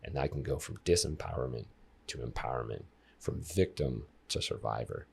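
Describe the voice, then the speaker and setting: A man in his thirties speaks in a very low, gravelly register with a husky edge. He is a guest on a podcast and tells his stories with energy, turning now and then to speak straight to the listeners. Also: moderate pace. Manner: animated storyteller who addresses listeners directly. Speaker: life coach guest. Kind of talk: casual podcast interview.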